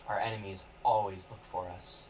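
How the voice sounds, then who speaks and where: A man's voice: low voice, fairly even intonation, normal speed, darkish tone. A man playing his character in a tabletop game, speaking formally and earnestly, recorded from a distant mic with hiss. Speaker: player. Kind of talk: in-character tabletop role-play.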